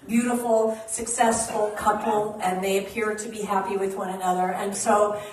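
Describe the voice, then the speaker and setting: A woman's voice: mid-range voice, flat delivery, normal speed, a little hiss or hum. A woman minister giving a chatty sermon and announcements in a bubbly, laughing way. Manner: bubbly, laughing, warm storyteller. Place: church hall. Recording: echoey hall, mic at a distance, faint ambience.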